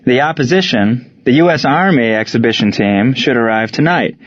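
A man voicing a steady male wartime baseball coach who talks in a plain, measured, reassuring way. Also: medium pitch, close to an everyday voice. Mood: calm. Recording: slightly dull lo-fi recording.

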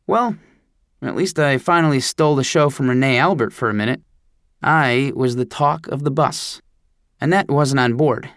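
Homem narrando com humor seco. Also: male voice, medium pitch, no echo, clean studio sound. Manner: wry, self-deprecating storytelling. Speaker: audiobook narrator. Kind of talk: first-person audiobook narration.

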